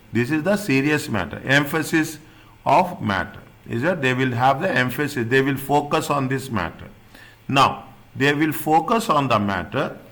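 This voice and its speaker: A man at a middle pitch teaches an accounting exam class. He talks in loose spoken sentences, restarting and rephrasing. He often checks in with the students before moving on. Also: a bit bright. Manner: repeats points, checks understanding with "is it right?"; restarts and rephrases often, non-native phrasing. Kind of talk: classroom lecture.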